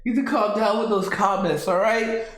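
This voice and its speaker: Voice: medium pitch, lively intonation, measured pace, echoey room. A host reading out viewer comments in a casual commentary, who keeps breaking into laughter and sounds tired, the voice worn from laughing.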